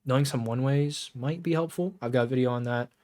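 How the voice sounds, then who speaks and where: A man coaching players on a shooter game, talking casually to camera with lots of fillers and restarts, then turning lively and emphatic. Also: mid-range voice, quick pace. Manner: rambling with many fillers, grows lively and emphatic.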